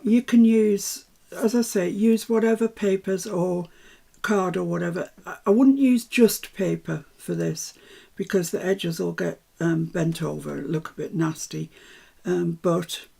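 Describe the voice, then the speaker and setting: An older woman talks viewers through a craft project in a relaxed, chatty way. Her voice is strongly gravelly, dark and a little husky. She throws in self-mocking asides as she works. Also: fairly low pitch. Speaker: craft tutor. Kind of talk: live craft demonstration.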